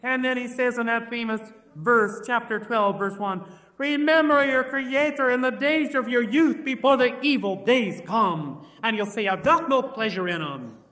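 A man's voice: very high-pitched, a little slow, pushed and bright. A man preaching a sermon, pleading urgently and repeating words for emphasis. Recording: reverberant hall.

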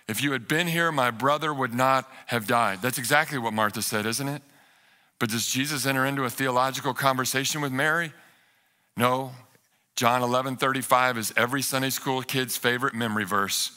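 Male pastor, bright and fairly high voice, conversational sermon delivery that moves from hushed to animated. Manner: conversational preaching, swings from soft and low to high and animated. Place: church sanctuary.

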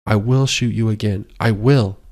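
A man voicing a terrified young woman who shouts accusations in an audiobook. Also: fairly low pitch, fairly even intonation, normal speed, lightly acted. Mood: frantic. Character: terrified young woman supermodel fighting back.

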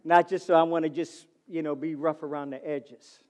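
Man, pastor, middle-aged, high-pitched, lively sermon, calls out to congregation. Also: moderate pace. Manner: lively preaching, swings from loud to soft.

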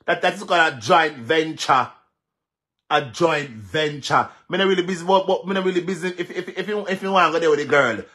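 A man's voice: fairly high pitch, fairly quick, bright, forceful tone. A man with a Jamaican accent giving heated commentary on a vlog, repeating himself for emphasis and mixing patois with English. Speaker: social media commentator.

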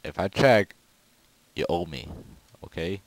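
A man giving casual, rambling gameplay commentary with goofy, excitable outbursts. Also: low voice, measured pace, no echo, low-quality recording. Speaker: gaming video creator.

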